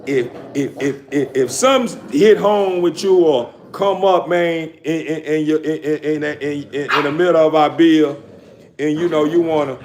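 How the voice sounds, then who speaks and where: A man's voice: a little high, moderate pace, a little hiss or hum. A man hosting a casual livestream to his viewers, talking in loose, repetitive street slang with frequent stammers. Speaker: dog-breeding channel host.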